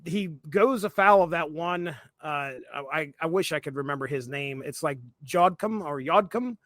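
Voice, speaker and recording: Rambling man with a higher voice. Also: normal speed, fairly bright tone, dry recording. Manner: rambling, hesitant, with many fillers. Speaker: podcast co-host. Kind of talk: casual chat.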